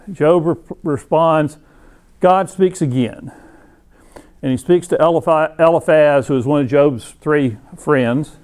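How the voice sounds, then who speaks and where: A man's voice: on the high side, darkish tone. A man teaching a Bible class in a conversational lecture, with many restarts, reading passages aloud between his own comments. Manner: reads scripture passages aloud.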